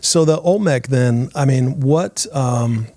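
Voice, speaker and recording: A man hosting a podcast, asking questions in a casual interview and chiming in with quick affirmations. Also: medium pitch, warm tone, no echo. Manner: eager, repeats short affirmations. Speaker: podcast host.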